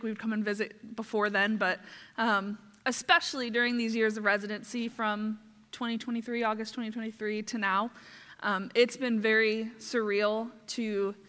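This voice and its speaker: A woman's voice: mid-range voice, pushed and bright. Tearful young woman in a church hall. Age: young adult. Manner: tearful, halting, grateful. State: emotional, close to tears. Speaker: ministry resident. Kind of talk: church address and prayer. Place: church sanctuary. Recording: long hall reverb.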